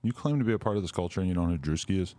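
A man's voice: sits low, lively intonation, rapid-fire, warm tone. A man hosting a casual chat who teases his guest with dry quips.

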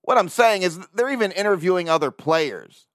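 A man's voice: sits high, lively intonation, a little fast, fairly bright tone, dry recording, studio quality. A man hosting his own sports podcast, talking casually and ranting with plenty of swearing and laughter. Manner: profane, ranting, laughs often. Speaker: podcast host. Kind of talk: casual solo sports talk.

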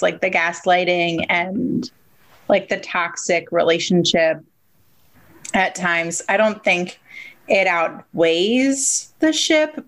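A woman guest on a podcast, talking in a thoughtful, measured way during casual chat. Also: mid-range voice, fairly bright tone, rough recording.

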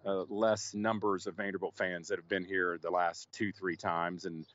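A man's voice: deep voice, flat delivery, moderate pace, a bit bright, muffled recording. A man reporting on location for a podcast, talking casually with many restarts and fillers.

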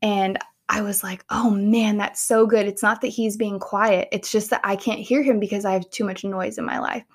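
A woman's voice: mid-range voice, fairly even intonation, normal speed, hardly any pauses. Earnest young woman podcast host. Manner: earnest, heartfelt and conversational. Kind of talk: casual faith-based podcast talk.

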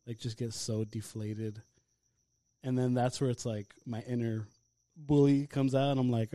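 A young man co-hosting a podcast, telling stories in animated, profane casual chat. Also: medium pitch, a little slow, no room sound. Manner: animated storytelling, heavy swearing. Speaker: podcast co-host.

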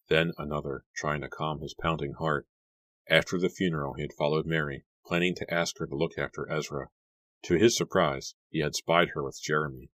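A man narrating a horror audiobook in a measured, even reading. His voice is exceptionally deep, and the recording is dry and close with no room sound. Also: no room sound.

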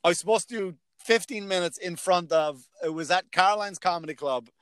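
A man's voice: high voice, a little fast, fairly bright tone, clear, resonant tone, no echo. Man telling comedy-club stories, dry sound. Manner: storytelling, swears freely, acts out other people's lines. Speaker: stand-up comedian. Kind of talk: casual chat, telling stories.

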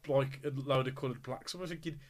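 A man co-hosting a casual football podcast, chatty, animated and wry. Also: mid-range voice, fast. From England. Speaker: podcast co-host.

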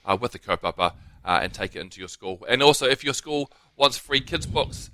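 A man's voice: mid-range voice, lively intonation, brisk, pushed and bright, slight background noise. A man with a New Zealand accent, a radio show guest, speaking earnestly and with feeling. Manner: earnest and heartfelt. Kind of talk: radio interview.

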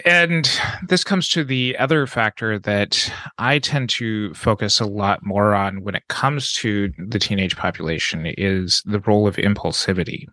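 Measured male clinician explaining. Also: lowish voice, sharp tone, dry recording. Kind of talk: professional podcast conversation.

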